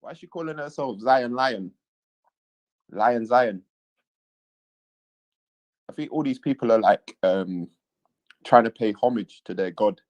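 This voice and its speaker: Male streamer, mid-pitched, dry close sound, casual chatty delivery. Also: measured pace, long pauses, darkish tone, no echo. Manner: reads chat messages aloud, repeats lines, chatty. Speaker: live streamer. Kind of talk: casual live-stream chat.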